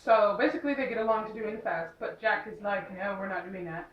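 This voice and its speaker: A woman's voice: mid-range voice, fast, echoey room, recorded from a distance, dull audio. A young woman casually recapping a movie, rambling with lots of fillers and sarcastic asides. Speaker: movie reviewer.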